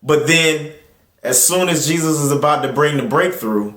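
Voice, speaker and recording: A man hosting his own channel, reading scripture and then preaching in a casual, conversational way, jumping up in pitch when he acts out other voices. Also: normal speed, fairly bright tone, reverberant. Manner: rises in pitch to act out crowd voices; conversational, with fillers and restarts. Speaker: host and preacher.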